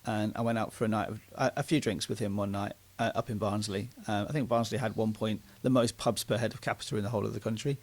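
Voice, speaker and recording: A man's voice: lowish voice, fairly even intonation, fast talker, hardly any pauses, a little mellow. A man in his late forties co-hosting a casual podcast, chatty and self-mocking as he tells stories. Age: 40s. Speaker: podcast co-host.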